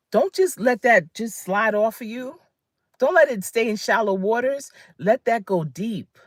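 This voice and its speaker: A career coach in her fifties gives a motivational livestream talk that is emphatic yet conversational, greeting viewers by name. Her medium-pitched voice is animated and a little slow, recorded with studio quality and no echo.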